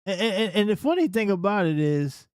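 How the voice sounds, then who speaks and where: A man's voice: sits high, big pitch swings, normal speed, a little mellow, clean tone, no echo, studio quality. A young man hosting an unscripted reaction show, ranting in a heated, incredulous and profane way. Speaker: commentary show host.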